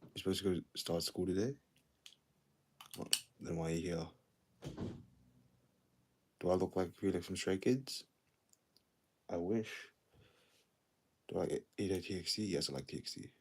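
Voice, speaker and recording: Young man, livestream host, casual chat, tired and quiet, very deep, gravelly. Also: measured pace, pauses often. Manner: tired, low-key, quiet.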